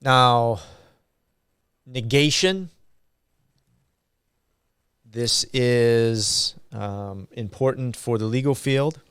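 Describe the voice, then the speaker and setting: A man giving a university grammar lecture, slow and halting with frequent ums and uhs. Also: mid-range voice, a bit bright, clear, resonant tone, no room sound, clean studio sound.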